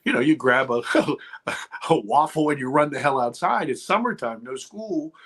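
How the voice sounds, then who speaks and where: A middle-aged man telling a personal story as a guest, dramatic, dropping to a hush and rising again, with many restarts. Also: medium pitch, fairly quick. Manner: dramatic, swings from loud to hushed, many restarts. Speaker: guest filmmaker. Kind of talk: animated storytelling.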